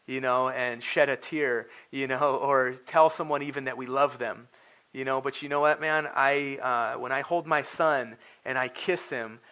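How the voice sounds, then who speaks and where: A young adult man preaching an earnest, conversational sermon as a pastor. His voice sits a bit high for a man. He talks loosely, with plenty of fillers and restarts. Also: sharp tone. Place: church sanctuary.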